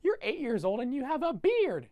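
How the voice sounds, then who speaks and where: A man's voice: very high voice, huge pitch swings, moderate pace, no echo, muffled recording, voice pushed up, full character voice. A man voicing a smug, mocking bully boy in a comedic movie recap, with a sneering delivery. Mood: taunting.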